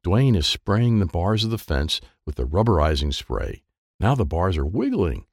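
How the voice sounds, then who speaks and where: A man reading a children's book aloud, lively and playful, with sound effects and character voices. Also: low-pitched, normal speed, dry recording, studio quality. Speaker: audiobook reader.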